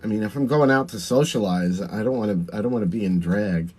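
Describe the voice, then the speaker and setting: A man's voice: lowish voice, fairly quick, a little mellow, slightly rough. A man with a Long Island accent, a drag performer chatting through a livestream while doing his makeup, answering viewer comments and laughing often.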